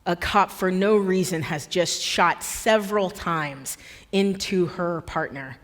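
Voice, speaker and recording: A woman's voice: on the low side, slow pace. Impassioned woman speaking in an echoey hall. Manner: forceful, emphatic, repeats words for effect. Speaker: guest speaker. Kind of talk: impassioned public talk. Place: church hall.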